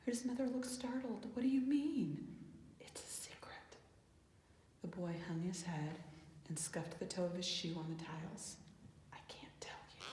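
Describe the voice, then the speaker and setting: A woman's voice: fairly low pitch, moderate pace, reverberant, long reverb tail, noisy background, lightly acted. A woman voicing a small remorseful boy who pleads and whispers his secret. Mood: whispered shame.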